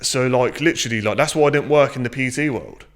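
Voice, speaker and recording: A man's voice: mid-range voice, quick pace. A man, a strength and conditioning coach, talking casually and bluntly on a podcast, swearing freely and acting out conversations. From England.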